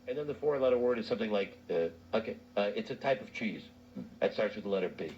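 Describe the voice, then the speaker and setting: A man hosting a call-in radio talk show, joking and animated, with bursts of high laughter. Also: fast, highs cut off, a little hiss or hum.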